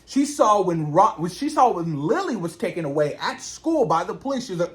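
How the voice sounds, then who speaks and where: A man recapping a horror episode in an animated, slangy way, often repeating words for emphasis. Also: high-pitched, normal speed, few pauses. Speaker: show reviewer. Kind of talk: reaction recap.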